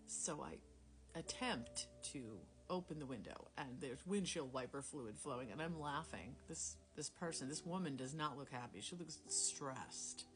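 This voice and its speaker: A woman telling a personal faith story in a casual, rambling, self-deprecating way, dropping into quiet whispers at times, recorded on a phone. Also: low-pitched, expressive, moderate pace. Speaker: Christian storyteller sharing a testimony. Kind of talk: casual spoken testimony. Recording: music playing clearly behind the voice.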